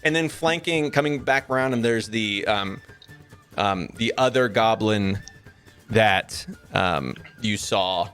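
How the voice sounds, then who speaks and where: A man with a lowish, slightly bright voice narrates slowly as game master of a tabletop game, rambling with lots of ums and likes. Soft music plays in the background.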